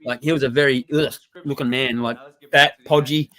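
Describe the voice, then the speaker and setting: A man's voice: medium pitch, fairly even intonation, normal speed, bright, forceful tone. A man from Australia with an Australian accent, chatting casually on a livestream in a blunt, slangy way with lots of filler. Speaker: livestream co-host.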